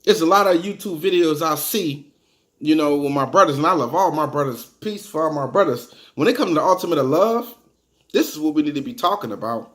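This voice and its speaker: A man leading an informal bible study, reading verses slowly and then explaining them in casual, heartfelt talk. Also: on the high side, expressive, a bit bright. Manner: reads scripture slowly then explains in casual talk, repeating "you know what I mean". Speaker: bible teacher.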